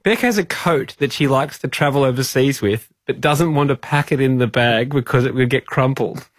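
On a podcast, a male co-host recounts a story in a relaxed, lively manner, laughing often as they chat casually. His pitch is medium and his pace normal, with studio-quality sound and no room echo.

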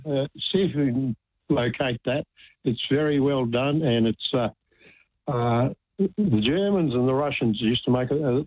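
A man's voice: medium pitch, dry recording. A man phoning in to a radio show, talking hesitantly with many fillers. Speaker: caller. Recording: phone line on radio.

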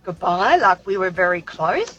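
A woman's voice: lowish voice, big pitch swings, normal speed, fairly bright tone, highs cut off, soft background music. A woman, calling in to tell a personal story in a chatty way with many fillers. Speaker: caller. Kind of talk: telling a personal story on radio.

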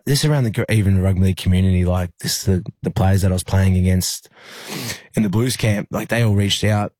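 A young Australian man, a rugby league player, telling a personal story in an interview, halting with many fillers and restarts. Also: low-pitched, a little mellow, dry recording.

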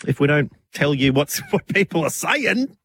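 A man, co-hosting a casual radio chat, laughing through quick comic asides. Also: fairly high pitch, very animated, a bit bright. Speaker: radio co-host. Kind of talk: casual banter on a radio show.

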